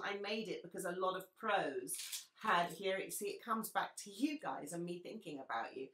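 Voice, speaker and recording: A woman who is a makeup artist and brush maker, talking frankly and passionately to her followers, blunt and quick to swear. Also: fairly low pitch, fairly bright tone. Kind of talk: candid spoken talk to followers. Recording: roomy sound, distant mic.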